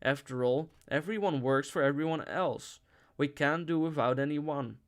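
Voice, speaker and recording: A man voicing a naive, cheerful young woman who turns anxious and pleading, his voice raised and louder. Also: on the high side, normal speed, natural voice. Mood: distressed.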